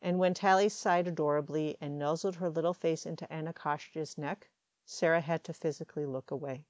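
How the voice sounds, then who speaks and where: Woman audiobook narrator, deep voice, dry close recording, steady storytelling. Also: brisk, dry recording. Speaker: audiobook reader. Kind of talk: fan fiction audiobook narration.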